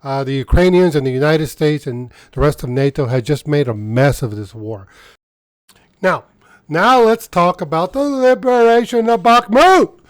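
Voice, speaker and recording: A man's voice: a little high, expressive, normal speed, no room sound. A man hosting his own channel, giving casual news commentary in a rambling, sarcastic way with frequent laughter and restarts. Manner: mocking and sarcastic, laughs often; rambling, restarts mid-sentence. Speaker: channel host.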